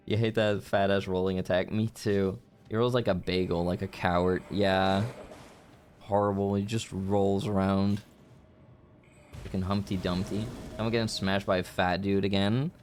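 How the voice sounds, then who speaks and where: A man's voice: low voice, flat delivery, moderate pace, slight background noise. A man streaming a video game live, chatting with viewers and swearing in frustration at a boss fight. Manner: swearing, frustrated, breaks into shouts. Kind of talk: live gameplay commentary. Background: game music.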